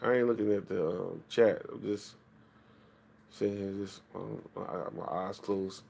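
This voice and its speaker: Profane gravelly man ranting on a late-night stream. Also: fairly low pitch, steady tone, unhurried, a little mellow, slight background noise. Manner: profane, ranting, talking to his chat. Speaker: live streamer. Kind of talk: late-night livestream rant. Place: home, at night.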